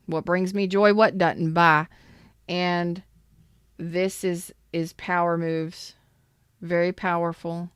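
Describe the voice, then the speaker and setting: Tarot lady on a livestream, kinda low smooth voice, chatty, shouting out people in chat. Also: level tone, slow, no room sound, studio quality. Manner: chatty, emphatic, greets viewers in chat. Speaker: tarot reader. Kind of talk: live tarot reading.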